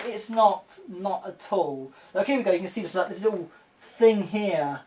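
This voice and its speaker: A young man giving a casual video review, excitable and rambling, often mimicking the characters. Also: sits high, moderate pace.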